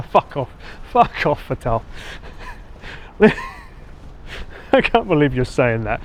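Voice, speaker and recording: A man's voice: fairly high pitch, takes it slowly. A man with an Essex accent chatting casually with his live viewers while walking city streets, teasing and laughing as he goes. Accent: Essex English. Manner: lively, laughing, teasing banter with swearing. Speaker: IRL livestreamer.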